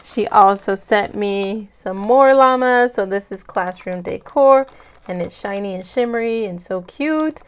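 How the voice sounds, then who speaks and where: A woman's voice: medium pitch, unhurried, clean tone. A woman vlogging casually, gushing with gratitude and close to tears. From United States. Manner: gushing, emotional, grateful. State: near tears. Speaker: budget vlogger. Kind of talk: casual vlog chat.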